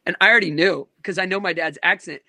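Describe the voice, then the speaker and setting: Bright-voiced rambling pastor telling stories. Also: male voice, sits high, dry recording. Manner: rambling storyteller, quick asides and restarts. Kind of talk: casual conversation.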